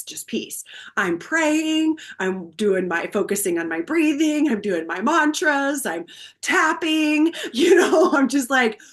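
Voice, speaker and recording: A woman guest on a podcast, telling a personal story in a heartfelt, animated way. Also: medium pitch.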